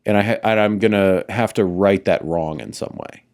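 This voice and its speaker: Podcast guy, lowish voice, blunt and matter of fact, swears a lot. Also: normal speed, darkish tone. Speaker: podcast co-host. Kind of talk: casual chat.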